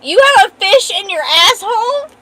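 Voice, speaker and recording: A woman's voice: extremely high pitch, animated, normal speed, sharp tone. A woman streamer in casual live-stream chat, trading profane, playful mock-angry banter.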